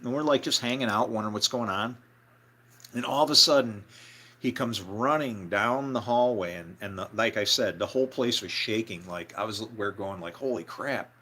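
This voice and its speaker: A man's voice: on the low side, normal speed, bright, forceful tone. A man telling a story from his own life in a casual, rambling way, full of fillers and restarts. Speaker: storyteller, former band member.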